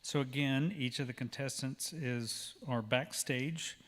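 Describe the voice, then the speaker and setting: A man's voice: medium pitch, a little slow, a little hiss or hum. A man with an Oklahoma accent hosting a pageant on stage, chatty and joking with the crowd. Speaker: pageant emcee. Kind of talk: live event hosting. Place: large auditorium. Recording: long hall reverb.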